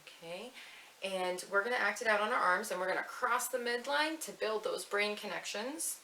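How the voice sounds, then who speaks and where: A woman leading a family story time at a library, chanting rhymes in a sing-song way, slowly for the snail and fast for the mouse. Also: mid-range voice, bright, forceful tone. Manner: sing-song, reads rhymes slowly and quickly to match the words. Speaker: children's librarian. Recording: echoey room with faint hiss.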